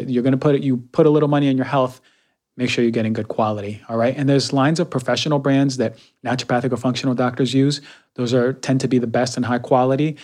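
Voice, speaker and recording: A young adult man talking casually while reviewing health products, energetic and conversational, often using fillers and repeating words. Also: medium pitch. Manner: frequent fillers like um and right. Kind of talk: casual monologue.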